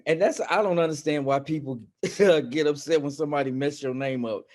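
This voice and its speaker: A man's voice: a little high, fairly quick, darkish tone. A middle-aged man from St. Louis, a pastor, chatting as an interview guest in a reflective, easygoing way and laughing readily. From St. Louis, USA. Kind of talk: casual interview chat.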